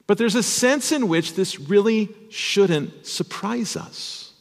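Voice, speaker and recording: Slow animated preacher in an echoey church. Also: male voice, sits high, creaky. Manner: animated, addresses children with questions. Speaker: pastor. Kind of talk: children's sermon storytelling.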